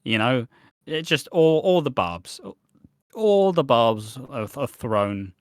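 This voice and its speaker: A man's voice: mid-range voice, very animated, slow, no room sound, studio quality. A man co-hosting a podcast, rambling through a soap recap and swearing freely. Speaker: podcast co-host. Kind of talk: casual chat recapping a soap.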